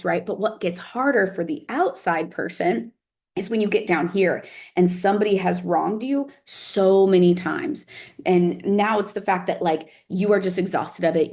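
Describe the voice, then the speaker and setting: A woman's voice: mid-range voice, a little mellow. A woman teacher talking casually to camera, often checking in with "right?" and "like". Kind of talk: casual reflective talk to camera.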